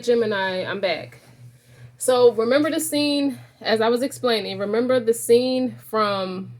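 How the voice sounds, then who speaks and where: Rambling woman giving a tarot reading. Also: fairly high pitch. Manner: rambling, frequent restarts, addresses viewer directly. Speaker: tarot reader.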